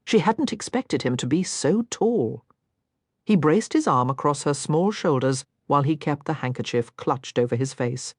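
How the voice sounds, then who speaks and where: Expressive woman audiobook narrator. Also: low voice, moderate pace, breathy edge, no echo, clean studio sound. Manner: expressive reading. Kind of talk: scripted narration.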